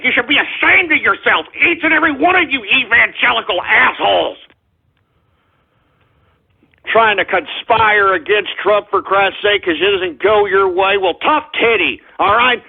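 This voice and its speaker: A man's voice: sits high, gravelly, slightly rough. A man hosting a political talk radio show, ranting angrily and hurling insults at his listeners' opponents. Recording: tinny phone-like audio.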